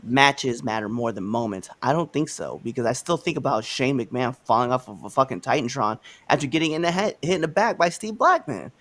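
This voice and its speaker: A man in full rant mode on a casual livestream podcast, talking at a middle pitch with lots of swings in emphasis. He swears freely and pushes his points hard, heard through a home video-call setup. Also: brisk, hardly any pauses. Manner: animated, ranting, swears freely. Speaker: podcast co-host.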